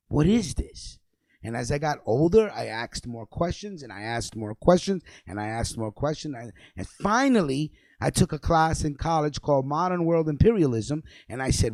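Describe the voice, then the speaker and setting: A man's voice: fairly high pitch, lively intonation, normal speed, darkish tone, no room sound. A young man hosting a radio show, delivering a fiery, profane, repetitive freestyle rant.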